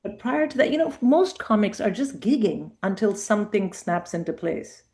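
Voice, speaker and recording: A woman's voice: medium pitch, big pitch swings, normal speed, a little mellow. A middle-aged woman comedian telling anecdotes in a casual interview, acting out the voices of people she quotes. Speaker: comedian guest.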